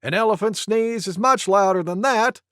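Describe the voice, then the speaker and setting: During a children's storybook reading, a woman voices a small, know-it-all male porcupine, pitching her medium voice a bit above her own while keeping it close to everyday speech. She sounds emphatic at a normal speed, in clean studio sound with no echo.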